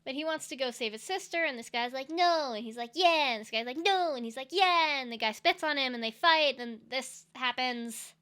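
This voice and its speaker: A woman's voice: fairly high pitch, fairly quick, few pauses, sharp tone. A young woman giving sarcastic, ranting comedic commentary on films and TV. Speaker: video essay commentator.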